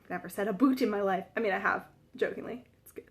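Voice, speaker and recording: A woman's voice: medium pitch, fairly even intonation, quick pace. A Canadian woman in her twenties, chatting casually and self-deprecatingly to viewers of her live-stream vlog. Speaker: vlogger.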